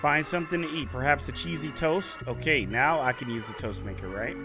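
A man's voice: medium pitch, brisk. A young man giving casual let's-play commentary, reading game prompts aloud and yelping at the game. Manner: excitable, reads game prompts aloud, yelps and whines at the game. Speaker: gaming YouTuber. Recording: gameplay commentary over loud game music.

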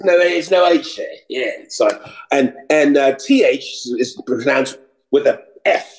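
Animated New man telling stories. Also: mid-range voice, a little slow, rough recording. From New York. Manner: animated storyteller, slips into mock British voices. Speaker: actor and comedian guest. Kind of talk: casual interview chat.

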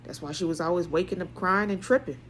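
A woman in an emphatic, preaching monologue. She repeats phrases for weight and swings between a hushed tone and a loud one. A faint hiss sits under her voice. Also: lowish voice, fast talker. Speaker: vlogger.

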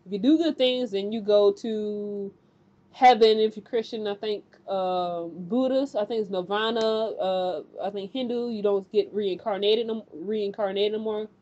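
A woman casually recapping a TV episode, talking in an animated, chatty way with lots of fillers and acted-out quotes. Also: mid-range voice, measured pace, highs cut off. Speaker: TV recap host.

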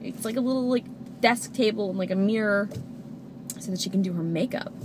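A woman's voice: medium pitch, brisk. A young woman in her twenties, a vlogger chatting casually and rambling with giggles while she drives. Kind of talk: casual vlog chat while driving. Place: inside a car. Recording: road and engine noise.

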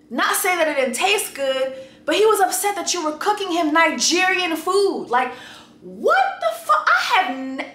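A young woman hosting a casual review show, talking bluntly and profanely with sudden loud exclamations. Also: high voice, reverberant. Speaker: YouTube show host.

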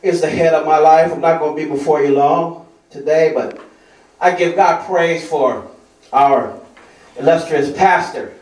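A man preaching as a guest pastor, speaking warmly to a church congregation, giving thanks and telling his story. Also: fairly high pitch, steady tone, measured pace. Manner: sings hymn lines, leads call and response. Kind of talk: sermon with sung hymn. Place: church sanctuary. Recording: roomy church sound from far off with crowd.

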